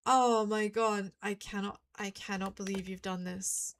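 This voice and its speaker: A woman's voice: medium pitch, a little slow, hardly any pauses, pushed and bright, clean tone. A woman doing casual let's-play commentary as a streamer, emphatic and swearing often.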